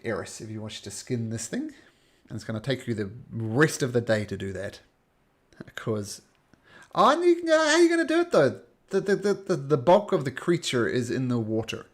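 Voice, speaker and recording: A man's voice: a little high, wildly swooping pitch, normal speed. A man narrating and ruling as game master in a tabletop role-playing game, describing scenes loosely with fillers.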